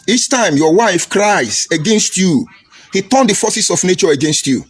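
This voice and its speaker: A man's voice: sing-song, normal speed, slightly rough. A middle-aged man with a Nigerian English accent giving an emphatic, lecturing political commentary broadcast. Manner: emphatic, swoops high and low, lecturing. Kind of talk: preachy opinion broadcast. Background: faint music.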